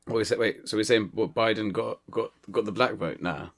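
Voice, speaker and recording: A man's voice: fairly low pitch, brisk. A man co-hosting a casual podcast chat, blunt and throwing in joking asides. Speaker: podcast co-host.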